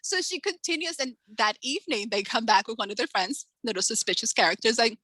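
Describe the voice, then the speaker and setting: A woman in her forties, an author, chatting in an interview and acting out quotes from her stories with lively energy. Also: on the high side, fairly quick, no room sound, poor audio. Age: 40s. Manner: animated storyteller acting out quotes. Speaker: author, guest. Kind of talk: casual interview chat.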